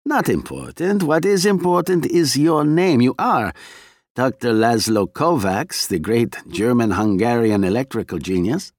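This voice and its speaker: A man's voice: medium pitch, lively intonation, measured pace, no room sound, clean studio sound, voice pushed up, natural voice. A man voicing a genial, coldly polite male Soviet agent in disguise, in an audiobook reading. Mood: genial menace. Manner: polite, smooth, coldly courteous.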